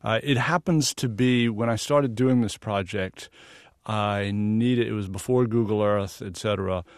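A man from the American South with a fairly low voice, speaking as a guest in a radio interview. He explains his work earnestly and laughs easily. The sound is dry and close, with no room echo. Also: a little slow. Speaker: guest photographer.

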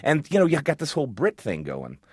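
A man's voice: fairly high pitch, huge pitch swings, fairly quick, husky, no room sound, clean studio sound. A man who hosts a food radio show, chatting casually and enthusiastically as a guest, with frequent restarts.

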